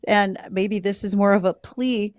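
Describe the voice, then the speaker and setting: A woman's voice: medium pitch, fairly even intonation, unhurried, no echo. Woman farm show host, playful and chatty, close dry voice. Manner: chatty, playful, reads sponsor spots. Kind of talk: radio and TV farm show hosting.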